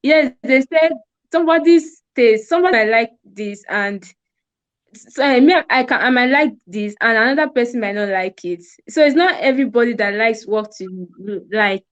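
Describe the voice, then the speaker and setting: A woman with a Nigerian accent answers interview questions over a video call, her voice fairly high. She speaks hesitantly, with fillers, and the lo-fi call audio sounds dull. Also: normal speed. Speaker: guest, fashion designer.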